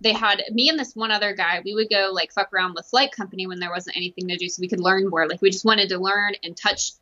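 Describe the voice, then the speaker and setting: A woman talking casually about her army work, relaxed and swearing freely. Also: mid-range voice, quick pace, muffled recording. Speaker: army veteran guest. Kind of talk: casual chat.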